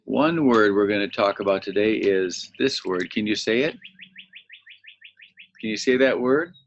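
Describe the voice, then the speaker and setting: A man's voice: on the low side, a little slow, no echo. A man, teaching young children a vocabulary lesson and patiently repeating each word for them to say back. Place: home near birdsong. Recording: slightly dull, muffled audio.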